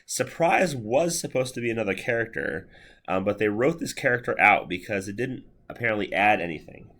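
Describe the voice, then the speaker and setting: A man in his thirties teaching a university class in a lecture hall. His voice sits a bit low, and he talks casually, rambling with fillers and restarts. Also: expressive, a little fast, fairly bright tone.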